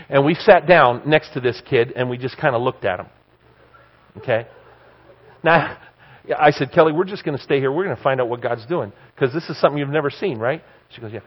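Male preacher, animated storyteller, muffled lo-fi recording. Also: medium pitch, breathy edge. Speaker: pastor and professor. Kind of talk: sermon. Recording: dull lo-fi sound.

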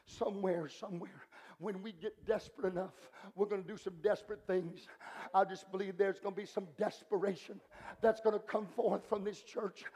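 A man preaches a revival sermon in a strikingly high voice. He builds repeated phrases into shouted peaks, each line set off by a clipped "uh", then drops to soft, confiding passages. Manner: swings between shouted climaxes and hushed intimate passages; punctuates phrases with "uh", repetitive rhythmic cadence. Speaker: guest preacher. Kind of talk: Pentecostal-style revival sermon.

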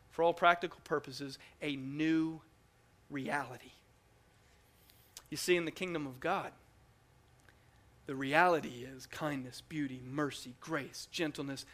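A man with a voice on the high side preaches a teaching sermon emphatically and animatedly. He often repeats words as he goes.

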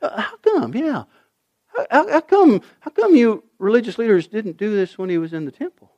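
Male pastor, high voice, very lively delivery, preaches with big swings from shouts to hushed asides. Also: moderate pace, lo-fi sound. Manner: animated preaching, rising to shouts, dropping to near whispers. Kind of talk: sermon.

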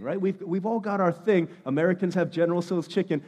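A man preaching a sermon in a conversational, emphatic way, pressing hard on key words and then dropping to a hush. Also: lively intonation, brisk, big-room sound. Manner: conversational, emphatic preaching that swings between loud stress and hushed lows. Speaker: pastor.

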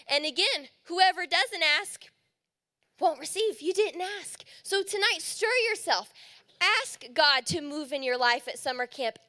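A woman's voice: sits high, sharp tone. A woman youth leader giving an earnest, encouraging sermon to young people. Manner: earnest and encouraging, rising emphatic phrases.

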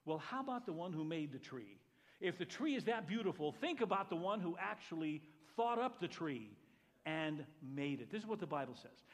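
A man pastor preaching a sermon, talking to the congregation with asides, swinging between loud exclamations and hushed quiet remarks. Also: a little high, lively intonation, moderate pace. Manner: conversational, with jokes to the congregation. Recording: long reverb of a large hall.

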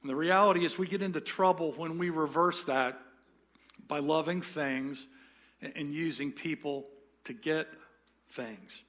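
A man's voice: on the high side, measured pace, fairly bright tone. A man preaching a sermon as pastor, often restarting words and telling folksy jokes.

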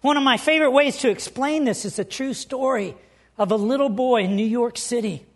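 Her voice is a little high and her pace fairly quick. The woman, a pastor, delivers a sermon like a conversation, weaving in stories and asking the congregation questions.

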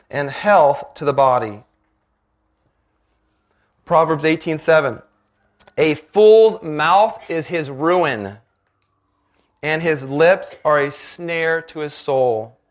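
A man preaching a sermon, earnest and emphatic, slowing down to read scripture. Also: a little high. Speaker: pastor.

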